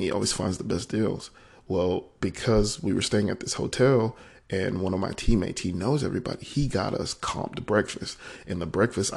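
A man with a very low, gravelly voice recounts a personal story on his podcast. He talks in a candid, emotional, conversational way, and there's a husky edge to his tone. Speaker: podcast host.

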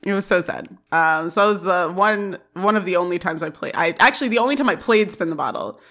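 A woman co-hosting a podcast, giving a casual scene-by-scene recap with lots of giggling and animated retelling. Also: lowish voice, brisk. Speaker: podcast co-host.

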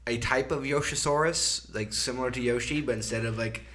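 A man hosting a casual podcast, explaining at length in a relaxed way with many fillers. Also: medium pitch, a little fast. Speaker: podcast host. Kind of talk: casual chat.

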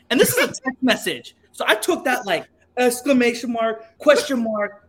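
A man in casual chat, telling a dating story in an animated way and jumping into high voices for other people. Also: a little fast.

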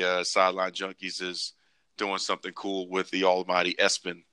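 A man co-hosting a podcast in casual chat, joking and acting out quoted lines in squeaky voices. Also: no echo. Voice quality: animated, joking, acts out quotes in high voices. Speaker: podcast co-host.

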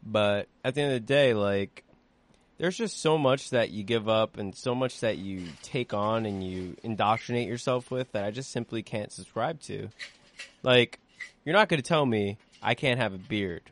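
A man's voice: on the low side, moderate pace, slight background noise. A young man co-hosting a casual podcast, swearing and drifting into long rambling explanations. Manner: swearing, rambling lecture-like asides. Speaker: podcast co-host.

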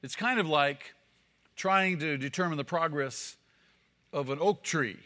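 A man's voice: fairly high pitch, a little slow, pushed and bright. A male pastor preaching an emphatic sermon, repeating key phrases for weight. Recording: long hall reverb.

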